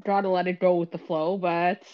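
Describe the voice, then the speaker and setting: A woman's voice: fairly low pitch, level tone, normal speed, lo-fi sound. A woman co-hosting a casual podcast, hesitant, restarting sentences and laughing often. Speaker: podcast co-host. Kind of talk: casual chat.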